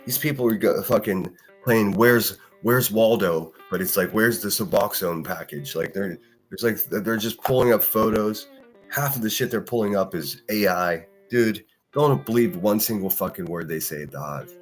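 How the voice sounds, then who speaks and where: A man's voice: fairly low pitch, moderate pace, faint music behind. A man hosting a solo live stream, ranting with heavy profanity and answering chat comments. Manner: profane, heated, combative. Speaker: live-stream podcast host.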